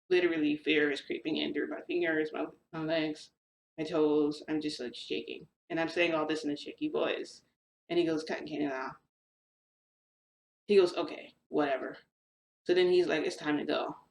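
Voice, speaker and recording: A woman's voice: deep voice, vocal fry, roomy sound, slight background noise, poor audio. A young woman casually telling a long story to her viewers, acting out quoted dialogue as she goes. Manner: chatty, animated retelling with quoted dialogue. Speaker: vlogger telling a shifting story.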